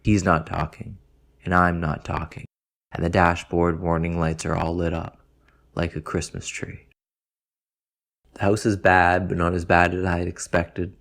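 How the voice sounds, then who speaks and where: A man reads a first-person story in a dry, deadpan way, unbothered even by crude details. His voice sits very low and keeps a flat, level line. The delivery stays unhurried and even. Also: gravelly. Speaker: narrator. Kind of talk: first-person literary narration.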